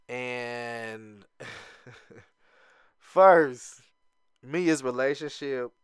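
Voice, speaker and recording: A man's voice: clear, resonant tone, dry recording, clean studio sound. Chatty man recapping reality TV. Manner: chatty and animated, laughs often, acts out quoted lines in a higher voice. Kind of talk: casual recap commentary.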